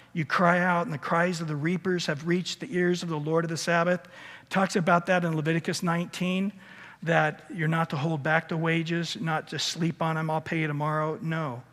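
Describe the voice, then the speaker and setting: A man preaching in an earnest, conversational way, often stumbling over his words and starting again. His voice sits a little high for a man. The sound carries a long reverb from the church hall around him. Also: a bit bright. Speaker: pastor. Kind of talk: sermon. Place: church sanctuary.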